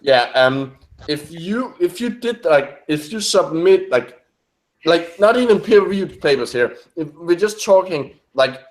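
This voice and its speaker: A man's voice: fairly high pitch, expressive, a little slow, poor audio. A young man chatting casually while commenting on a video, hesitant and full of restarts. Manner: hesitant, many restarts, laughs often.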